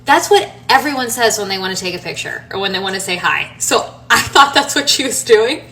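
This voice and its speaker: A woman's voice: medium pitch, expressive, a little fast. A woman in her thirties chatting casually to her followers in a rambling way, full of fillers and restarts. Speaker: home renovation designer and social media creator. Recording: somewhat distant from the mic, faint room noise.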